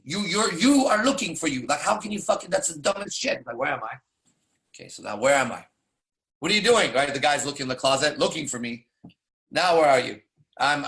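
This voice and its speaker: A man's voice: fairly high pitch, gravelly, a bit bright. A man coaching in a blunt, profane casual monologue, firing off rhetorical questions. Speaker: dating coach.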